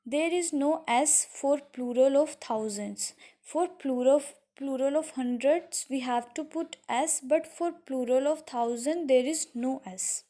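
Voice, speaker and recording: A young woman teacher with an Indian English accent, explaining a language lesson slowly, repeating words and pausing with fillers. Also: high voice, dark tone. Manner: slow, repetitive teaching with frequent uh fillers. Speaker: French teacher. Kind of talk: classroom lesson.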